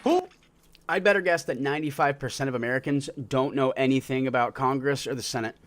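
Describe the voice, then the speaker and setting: A man's voice: medium pitch, quick pace, soft background music. A man casually reacting to videos on a stream, loose and profane in his commentary.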